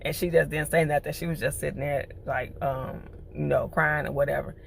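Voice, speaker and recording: A woman recapping a TV episode in a chatty, animated way, full of slang. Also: deep voice, brisk, gravelly, a little hiss or hum. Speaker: TV show reviewer.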